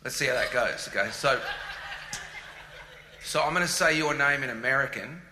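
Aussie guy on stage, teasing and animated, echoey hall, faint hiss. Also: medium pitch, normal speed. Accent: Australian. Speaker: guest speaker. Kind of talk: joking stage chat.

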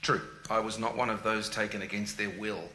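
A man's voice: on the low side, steady tone, a little fast, pushed and bright. A man in his forties with an Australian accent, chatting as a guest in a casual, joking, self-deprecating way. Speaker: guest musician. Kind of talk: casual conversation. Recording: echoey room with faint ambient hum.

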